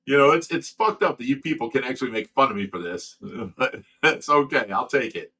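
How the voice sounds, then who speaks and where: A man's voice: mid-range voice, fairly quick. A middle-aged man from Ohio hosting a casual livestream, telling stories with a lot of laughter. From Ohio, USA. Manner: laughing, animated storytelling. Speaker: livestream host.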